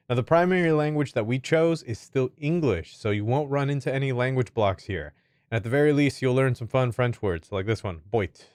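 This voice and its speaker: Friendly guy doing a screen tutorial, mid pitch, dry close mic, jokey and upbeat. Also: no room sound. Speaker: software tutorial host.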